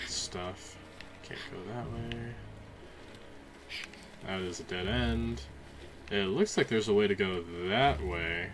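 A young man casually commentating a video game, chatty and jokey, with loud excited outbursts. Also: sits low, background noise. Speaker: let's play host. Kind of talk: gameplay commentary.

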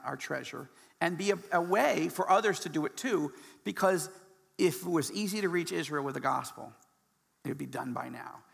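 A man giving a guest talk at a church. He is passionate and animated and often restarts his sentences. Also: on the high side, gravelly, husky, big-room sound. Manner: excitable and animated, many restarts. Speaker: guest speaker.

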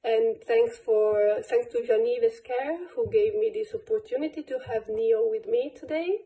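High-voiced woman calling ballet counts. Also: normal speed, mellow. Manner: calls steps rhythmically with sing-song counts. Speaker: ballet teacher. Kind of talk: counting and calling ballet steps in a live online class. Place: dance studio. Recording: echoey studio, far from the mic.

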